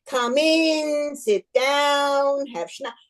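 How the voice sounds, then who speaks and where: A woman voicing an old, wise male village rabbi who speaks in broken English with unhurried confidence. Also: sits high. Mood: advising.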